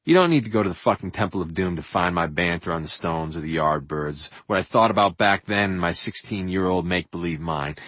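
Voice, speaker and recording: Husky older man narrating his memoir. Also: low voice, dry recording. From New York. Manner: animated, profane, swings from loud outbursts to hushed asides.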